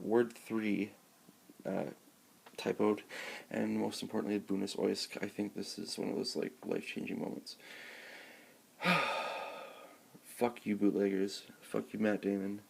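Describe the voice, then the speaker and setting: A man's voice: on the low side, gravelly, darkish tone, a little hiss or hum. A man filming himself at home with a handheld camera, ranting in an exasperated, sarcastic, profane way during an unboxing. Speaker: vlogger. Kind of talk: rambling unboxing rant.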